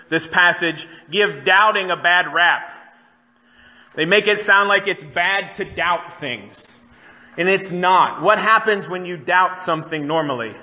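Man preaching a conversational sermon, bright and reverberant. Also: a little high. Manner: conversational, asks the congregation questions. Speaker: pastor. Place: church sanctuary. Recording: church hall reverb.

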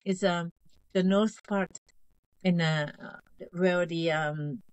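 A woman in her fifties, raised in North Korea, speaks as an interview guest in a slightly low voice. She is halting and earnest, repeats phrases and keeps checking that she is understood. The sound is dry and close. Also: steady tone, no echo, rough recording. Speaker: author guest. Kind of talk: interview conversation.

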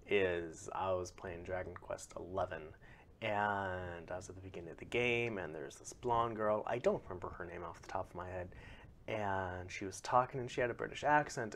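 Guy with a low gravelly voice, chatty friendly story, bit of noise behind. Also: fairly bright tone.

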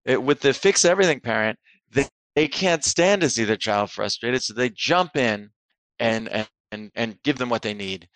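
A man, a psychotherapist and author, talking as a guest on a podcast and telling lively stories that act out the people in them. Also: mid-range voice, normal speed, smooth, no room sound. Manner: animated storyteller, acts out quoted people. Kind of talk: casual interview talk, storytelling.

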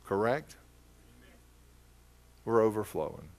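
A man's voice: lowish voice, expressive, slow pace. A man with an Oklahoma accent preaching a sermon as pastor, telling stories in a folksy, conversational way.

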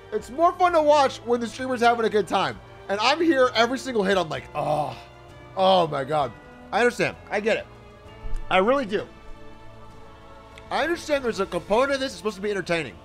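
A man's voice: extremely high pitch, expressive, brisk, pauses often, a bit bright, faint music behind. A young man commentating his own gameplay on a live stream, swearing and laughing at himself.

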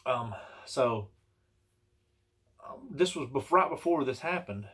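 Earnest rambling man with a husky voice. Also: medium pitch, expressive, slow pace, a bit bright. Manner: rambling, earnest, many restarts and "you know"s. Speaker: vlogger telling personal stories. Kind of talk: casual personal storytelling.

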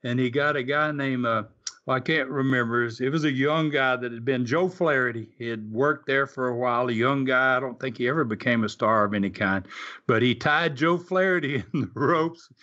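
In a casual interview, an older ex-wrestler shares folksy stories at a moderate pace, stumbling through fillers and restarts. His mid-range voice sounds pushed and bright, captured in slightly dull lo-fi audio.

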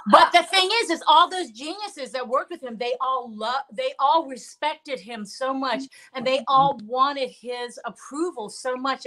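A woman's voice: high-pitched, bright, forceful tone. A woman and former cast member telling vivid, emphatic stories in a reunion video call.

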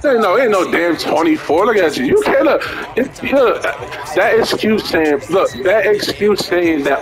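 A man's voice: sits high, lively intonation, normal speed, music in the background. A man playing a football video game, mocking and taunting his opponent in profane casual trash talk. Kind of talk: casual trash talk over a headset chat. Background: video game crowd and commentary.

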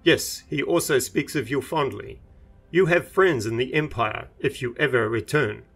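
A man's voice: medium pitch, normal speed, gravelly, a bit bright, husky, faint music behind. A man voicing an injured young male monk in a storybook reading, speaking formally and earnestly.

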